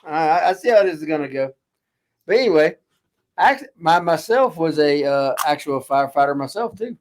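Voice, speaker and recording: A man's voice: fairly high pitch, lively intonation, moderate pace. A man co-hosting a podcast, joking around and often restarting his sentences. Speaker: podcast co-host. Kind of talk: casual chat.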